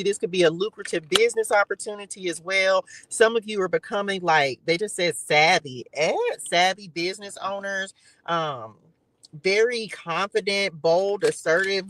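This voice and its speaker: High, bright-voiced excitable tarot reader man. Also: a little hiss or hum, poor audio. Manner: excitable, chatty, teasing the chat; faith-filled, preacherly encouragement. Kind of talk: live tarot reading to a chat.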